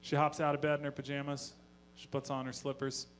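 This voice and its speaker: A man performing stand-up into a stage mic, with a middling pitch and a deadpan, conversational delivery. He tosses in profane asides as he tells his stories. A faint electrical hum sits under the voice. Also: fairly quick. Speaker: stand-up comedian. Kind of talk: stand-up comedy set. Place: live comedy venue on stage.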